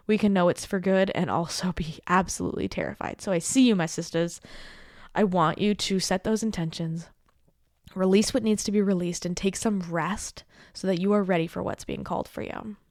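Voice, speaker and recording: A woman's voice: lowish voice, dry recording, clean studio sound. Earnest, encouraging woman podcast host. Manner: warm, emphatic, encouraging, speaks directly to listener. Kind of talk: heartfelt solo podcast pep talk.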